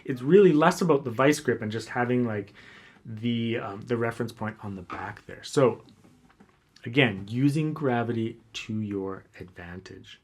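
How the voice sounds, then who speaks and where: A man teaching a guitar lesson, explaining calmly and counting beats aloud as he demonstrates. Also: medium pitch, a little slow. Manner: relaxed, counts beats aloud while playing. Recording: faint guitar playing behind.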